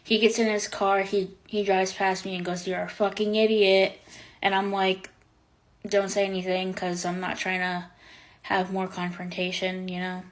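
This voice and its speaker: A woman's voice: mid-range voice, completely flat delivery, moderate pace, low-quality recording. A young woman telling a dating story to camera, chatty and filled with "like" and "um," retelling the quotes with drama. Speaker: vlogger. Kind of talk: casual storytime.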